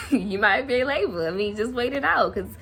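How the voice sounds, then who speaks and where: A young woman quoting her calm, matter-of-fact middle-aged mother in a relaxed way. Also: a little high, normal speed, slight background noise, pitched above the performer's own voice. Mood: unbothered.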